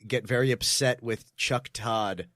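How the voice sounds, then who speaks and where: A man hosting a comedy podcast, telling stories in a rambling, animated way with frequent restarts. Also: medium pitch, a little slow, dry recording, clean studio sound. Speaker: podcast host. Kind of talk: casual comedy podcast chat.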